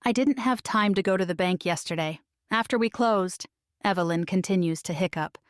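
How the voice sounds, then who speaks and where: A woman's voice: mid-range voice, moderate pace, smooth, no echo, clean studio sound, close to an everyday voice. A woman voicing a distraught, weepy middle-aged woman baker in an audiobook. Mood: upset.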